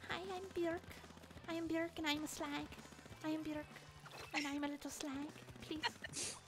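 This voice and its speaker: A woman's voice: sits high, flat delivery, moderate pace, over music, voice pushed up, lightly acted. A woman voicing a meek, quirky female pop singer as a comic impression on a game stream, timid and pleading.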